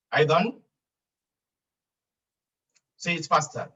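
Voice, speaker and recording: Man, language teacher, patient, repeats phrases, slightly high voice, distant muffled recording. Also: expressive, a little slow, pauses often, a bit bright, slightly rough. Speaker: Arabic teacher. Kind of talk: online language lesson. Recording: distant dull lo-fi mic.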